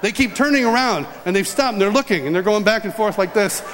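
A man's voice: high-pitched, fast talker. Man preaching in a reverberant hall. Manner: animated storytelling, acting out dialogue. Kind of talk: sermon story and prayer. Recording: reverberant hall, faint ambience.

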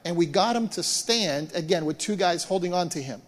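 A man preaching as a pastor, retelling events in an animated way and often repeating words as he restarts. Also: high voice, moderate pace. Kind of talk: sermon storytelling. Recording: long hall reverb.

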